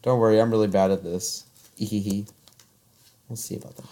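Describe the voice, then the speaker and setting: A man's voice: fairly low pitch, fairly even intonation, moderate pace, long pauses, mellow, slight background noise. A man doing crude, joking commentary while reading a visual novel game aloud. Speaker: let's play commentator.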